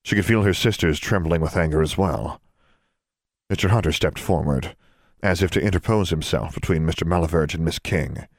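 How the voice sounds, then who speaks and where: A man reading a story aloud as a narrator, in a steady, measured way. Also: low voice, creaky, no room sound. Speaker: audiobook narrator. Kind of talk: scripted narration.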